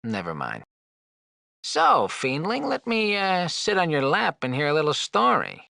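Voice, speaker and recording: A man's voice: on the high side, wildly swooping pitch, unhurried, vocal fry, bright, forceful tone, no room sound, studio quality, exaggerated voice. An actor playing a flirtatious, wisecracking floating male skull, teasing and sarcastic in game dialogue.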